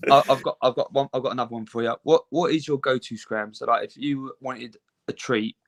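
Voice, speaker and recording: A man's voice: medium pitch, fairly even intonation, fairly quick. Chatty English man telling a story. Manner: chatty, jokey, calls people mate. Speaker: podcast co-host. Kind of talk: casual chat, storytelling.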